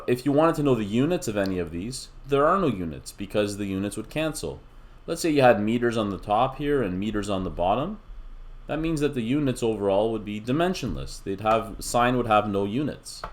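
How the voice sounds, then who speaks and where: A middle-aged man with a somewhat low voice talks through a recorded math lesson. He is patient and explains things one step at a time, with relaxed, casual asides. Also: brisk. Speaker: math instructor.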